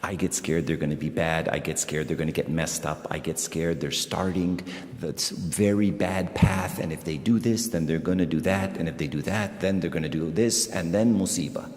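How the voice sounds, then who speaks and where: A middle-aged man preaching a sermon as a priest, conversational and animated, repeating phrases for emphasis. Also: low-pitched, moderate pace, hardly any pauses. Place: large church sanctuary. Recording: echoey church hall, long reverb.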